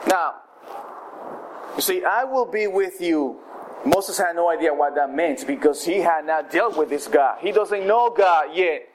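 A man's voice: on the high side, unhurried, slight background noise, rough recording. A man preaching a sermon, retelling scripture in a conversational everyday voice with frequent restarts.

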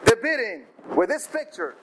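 A man's voice: extremely high pitch, big pitch swings, moderate pace, background noise, pitched above the performer's own voice. A man preaching, voicing an insistent male auctioneer calling for bids in a raised voice. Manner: loud, pleading, repetitive calls.

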